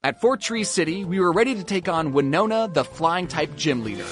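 A man's voice: on the high side, lively intonation, a little fast, hardly any pauses, soft background music. A man giving jokey, playful narration over his video game playthrough, often talking to his characters. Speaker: gaming YouTuber. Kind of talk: comedic gameplay narration.

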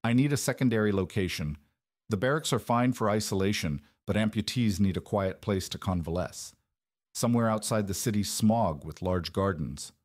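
A man voicing a blunt, coldly clinical woman surgeon who speaks flatly and quietly in a storybook reading. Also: on the low side, moderate pace, dry recording, clean studio sound, natural voice. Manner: flat, clinical, murmured. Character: blunt, cold female field surgeon.

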